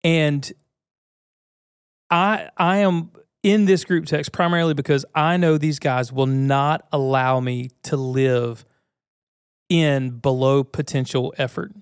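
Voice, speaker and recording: A podcast host speaks slowly and steadily in a slightly high, clear, resonant voice, recorded at studio quality with no echo. Earnest and casual, he delivers a motivational monologue, frequently restarting his sentences.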